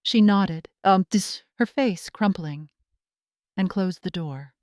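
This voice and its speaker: A woman narrating a first-person drama story in a steady, scripted storytelling delivery. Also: mid-range voice, slow pace, dry recording, studio quality.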